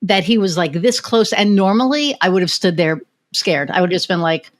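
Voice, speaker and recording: Casting note: American woman, podcast host, frank storyteller who curses freely, slightly low voice. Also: animated, brisk. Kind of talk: casual interview chat.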